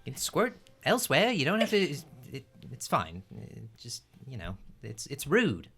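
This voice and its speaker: A man's voice: medium pitch, wildly swooping pitch, moderate pace, creaky, a bit bright, husky. A man playing a tabletop game, talking playfully in character to creatures. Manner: playful, talks to creatures as to pets. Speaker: player.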